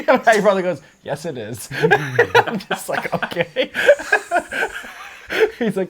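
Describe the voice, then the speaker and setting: A man co-hosting a podcast, laid-back and quick to laugh and chime in during casual chat. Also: sits high, wildly swooping pitch, a bit bright, slight background noise. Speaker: podcast co-host.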